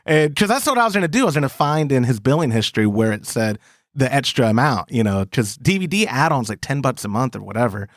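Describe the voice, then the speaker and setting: A man's voice: medium pitch, quick pace, no room sound, studio quality. A man hosting a podcast, telling stories in casual chat and quoting others as he goes. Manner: animated storytelling with quoted voices. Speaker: podcast host.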